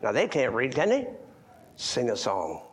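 An older man preaching in a church, moving between loud emphatic lines and hushed near-whispers. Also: medium pitch, huge pitch swings, unhurried, breathy edge. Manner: old-fashioned scripture reading, repeats words for stress. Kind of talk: sermon.

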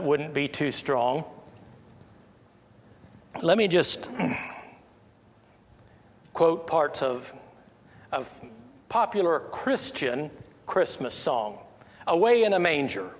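An American Christian speaker gives an informal teaching monologue, talking slowly and haltingly with many restarts and fillers. His voice is a little high for a man and rises when he stresses a point, while a long reverb makes it sound like a large hall.

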